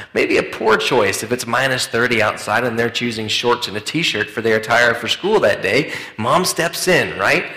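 Male pastor, conversational sermon, bright voice, roomy church sound. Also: medium pitch. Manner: conversational, hesitant, with many restarts. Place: church hall. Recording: echoey church room.

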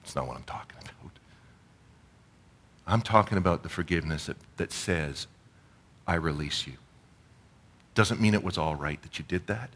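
A man's voice: deep voice, animated, moderate pace, pauses often, a bit bright, breathy edge. A middle-aged man from Canada giving a sermon in an earnest, conversational way, with storytelling asides. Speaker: pastor.

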